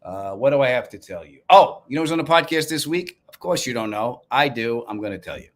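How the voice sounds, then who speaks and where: Man, Long Island accent, comedian, live-stream chat, wry deadpan storytelling. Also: medium pitch, fairly quick. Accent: Long Island New York. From Long Island, New York. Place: apartment room, indoors.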